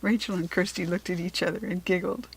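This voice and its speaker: A woman reading a children's storybook aloud, slow, clear and expressive. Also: on the low side, no echo, poor audio. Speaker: storybook reader.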